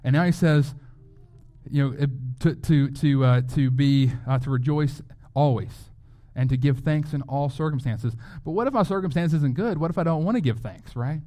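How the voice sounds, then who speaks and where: Mellow-voiced man preaching a sermon. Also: fairly high pitch, normal speed. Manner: conversational preaching with rhetorical questions. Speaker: pastor.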